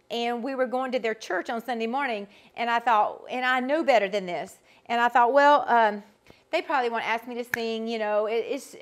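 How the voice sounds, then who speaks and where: A middle-aged woman, a vocal coach, teaching a group in a chatty, animated way with frequent restarts. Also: a little high. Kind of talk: casual teaching talk to a group.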